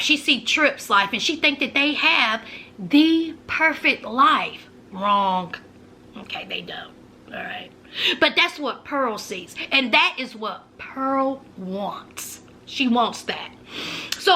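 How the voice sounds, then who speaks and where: A woman casually recapping a TV episode, chatty and animated, peppering her talk with asides like "you know" and "honey.". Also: fairly high pitch, a little hiss or hum. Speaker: TV show reviewer.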